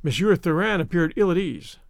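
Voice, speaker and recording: Guy reading an adventure audiobook, high voice, really lively and expressive, dry close mic. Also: fairly quick, vocal fry, dry recording. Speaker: audiobook narrator. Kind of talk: scripted narration.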